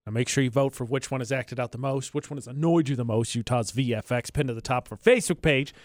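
Speaking quickly with no room sound, this man co-hosts a laid-back radio program and handles its promos. His casual morning banter comes across as dry, self-mocking, and understated.

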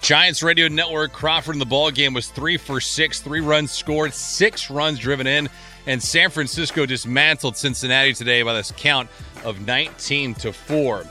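A man's voice: a little high, bright, forceful tone, faint music behind. A man reading a sports scores update as a radio sportscaster. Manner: brisk announcer delivery.

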